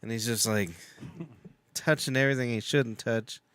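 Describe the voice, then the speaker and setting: A man's voice: mid-range voice, moderate pace, a bit bright, clear, resonant tone, dry recording. A man hosting a casual podcast chat, telling rambling stories and swearing freely. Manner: rambling storyteller, swears a lot. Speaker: podcast host.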